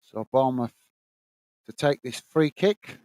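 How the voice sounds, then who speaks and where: A UK man hosts a live football watch-along, calling the play steadily and chatting with viewers between moves. He talks a little slowly, his pitch lifting when he greets viewers. The recording is dry.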